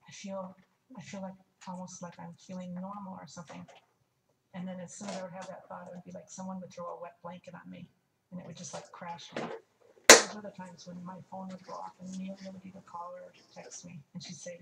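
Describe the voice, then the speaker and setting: A woman's voice: fairly low pitch, monotone, fairly quick, gravelly, background noise. An older woman telling a personal story in a frank, wry way, stopping to restart and add asides. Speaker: testimony speaker. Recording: echoey room, mic at a distance, faint ambience.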